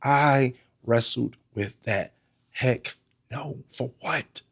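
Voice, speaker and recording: Middle-aged man, pastor, personal testimony, gravelly, breathy edge, earnest, repeats himself. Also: mid-range voice, drawn-out words. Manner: earnest, restarts and repeats words, addresses listeners as y'all.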